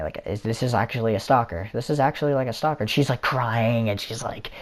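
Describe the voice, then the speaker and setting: A man's voice: medium pitch, brisk, few pauses. A young man casually telling a story in a vlog, rambling with lots of fillers and restarts. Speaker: vlogger. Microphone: console or headset mic.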